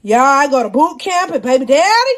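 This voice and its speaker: A young adult woman hosting a live podcast, telling a personal story to her audience in a slangy, animated way and often calling out to the crowd. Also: sits high, fairly quick. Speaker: podcast host.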